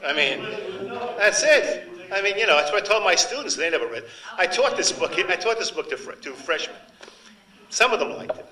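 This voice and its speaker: An older man presents his translation in a chatty, digressive way in an event hall. His voice is slightly high-pitched, very bright and forceful, and the room sounds roomy and reverberant. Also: animated, brisk. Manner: chatty, digressive, comments on the text. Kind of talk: book talk with readings.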